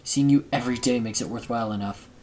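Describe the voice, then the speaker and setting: A man's voice: medium pitch, fast, a little mellow, a little hiss or hum, close to an everyday voice. A man reading aloud the lines of a caring teenage boy, the protagonist of a visual novel, in an earnest, pleading way. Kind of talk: reading game dialogue aloud.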